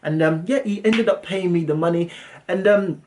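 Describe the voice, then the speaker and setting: Male landlord vlogger, slightly high voice, animated and casual storyteller with frequent fillers. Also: normal speed, a little hiss or hum. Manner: animated, lively retelling with frequent "um"s. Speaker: property investor and landlord.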